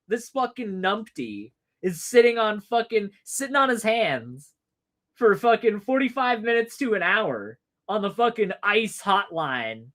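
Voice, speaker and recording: A man's voice: high-pitched, a bit bright. A man hosting a livestream, commenting in a casual, sarcastic and profane way, laughing often and putting on mocking voices. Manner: mocking put-on voices for imagined people. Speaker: livestream host.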